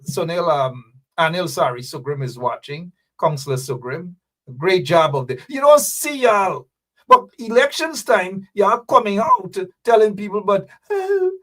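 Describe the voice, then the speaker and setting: A man's voice: sits high, recorded from a distance. A man with a Guyanese accent hosting a political commentary show, ranting and scolding with rhetorical questions. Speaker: host.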